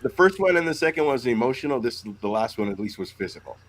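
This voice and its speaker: A man's voice: mid-range voice, sing-song, fast, poor audio. Guy cohosting a podcast, rambly and sweary, kinda trails off, just casual talk. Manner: rambling, profane, trails off mid-thought. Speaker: podcast co-host. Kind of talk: casual chat.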